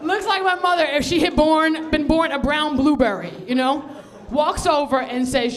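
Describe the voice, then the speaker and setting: A woman comedian telling a stand-up story, with laughing asides and shouted punchlines. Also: high-pitched, moderate pace.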